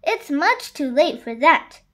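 A fussy but kindly hen baby-sitter who scolds gently and soothes just as easily, voiced by a woman reading a storybook. The voice sits a little higher than a plain speaking voice and moves slowly and carefully. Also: sing-song, exaggerated voice. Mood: scolding.

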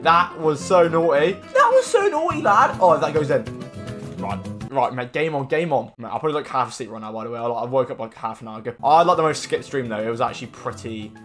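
A man giving casual, rambling gameplay commentary as a YouTuber, full of fillers and sudden excited shouts. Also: fairly high pitch. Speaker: gaming YouTuber.

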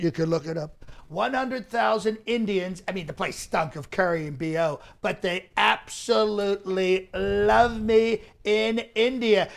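A man putting on a blustering former president who rambles from boast to insult. His voice sits high and gravelly. He sounds self-satisfied throughout, in a live comedy stream.

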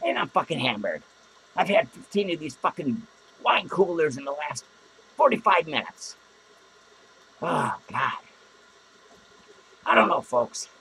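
A boozy, foul-mouthed clown, put on by a man, rants from a small podcast studio, cackling at his own jokes. His voice is gravelly and sharp-edged, lurching from low grumbles to high squeals. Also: sing-song, a little slow, long pauses, slight background noise, full character voice, poor audio. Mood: boozy rambling. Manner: rambling, profane, self-mocking, with loud cackling laughs. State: drunk. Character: crude rambling drunk male clown. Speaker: podcast host. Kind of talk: comic in-character podcast rant.

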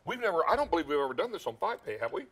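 A man's voice: on the high side, sing-song, rapid-fire, slightly rough. A man with a Southern American accent hosting a home shopping show, enthusiastic and folksy, telling stories as he sells. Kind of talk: upbeat home shopping presentation.

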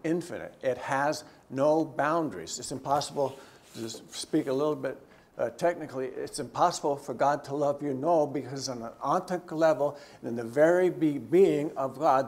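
A male theologian teaches a church group at a moderate pace, keeping things conversational. He raises his voice for emphasis and drops into quiet, low asides at a church gathering.

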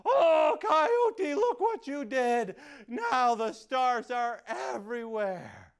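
Man playing a stern creator spirit, loud, scolding, raised pitch, folk-tale voice. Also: animated, slow, vocal fry, exaggerated voice. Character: mighty, weary male creator spirit, stern.

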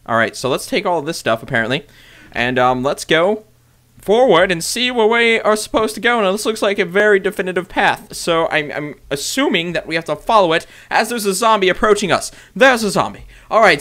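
A young man casually narrating his own game play to viewers, chatty and bursting into loud excited shouts. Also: a little high. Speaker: gaming video host. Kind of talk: casual Minecraft let's play commentary.

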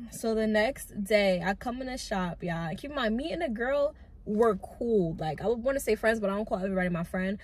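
A young woman in her twenties telling a story straight to her viewers in a chatty, animated way, full of "like" and "bro" fillers. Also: mid-range voice, husky. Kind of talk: casual storytime chat.

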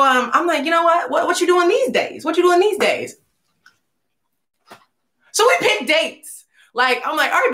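A young woman telling a casual storytime vlog, animated and slangy, acting out the voices of people in her story. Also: on the high side. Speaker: singer vlogging a story. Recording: echoey room.

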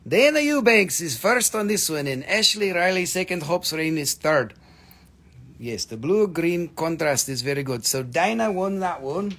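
A slightly high, gravelly male voice. He runs a live-stream gem sale in jokey, excitable patter and teases his viewers. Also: measured pace.

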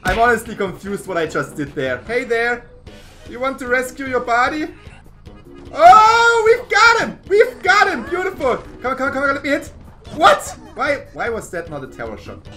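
A woman narrates her own gameplay in a casual, excitable commentary, swinging between laughter and exasperation. Her voice sits high and bright, with a crisp edge. Faint game music plays underneath. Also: normal speed. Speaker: gaming YouTuber.

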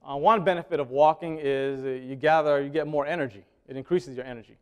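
A man preaching a sermon in a conversational way, often asking the congregation questions and swinging between loud emphasis and quiet asides. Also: a little high, steady tone, quick pace, clean tone.

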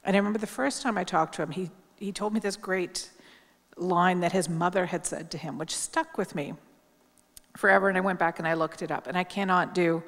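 A middle-aged woman journalist delivers a candid, wry memorial tribute in a large hall at a public event, her voice carrying a long hall reverb. She speaks a little fast in a lowish, fairly bright, steady voice, casual and full of ums.

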